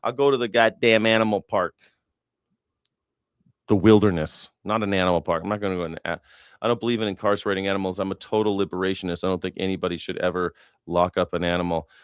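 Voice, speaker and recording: A man's voice: deep voice, steady tone, fast, clear, resonant tone, no room sound, clean studio sound. A man hosting a casual news reaction livestream, talking in a sarcastic, profane and rambling way. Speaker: host of a news reaction stream.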